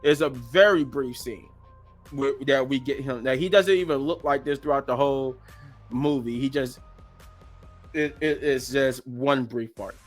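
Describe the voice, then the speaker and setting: A man's voice: medium pitch, a little slow, soft background music. A man casually reviewing a movie on his channel, rambling with lots of restarts and offhand slang.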